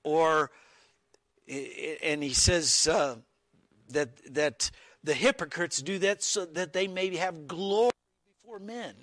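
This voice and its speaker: Guy preaching slow and earnest, bright voice, pretty high pitch. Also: dry recording. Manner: earnest, emphatic teaching with verse reading; slow, deliberate with small restarts. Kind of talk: expository sermon.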